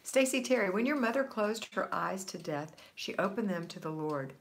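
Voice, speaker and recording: A woman's voice: medium pitch, expressive, moderate pace, slight background noise. A woman in her sixties hosting a live stream, chatting casually and reading out viewers' comments. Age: 60s. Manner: chatty, friendly, reads viewer comments aloud. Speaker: livestream host.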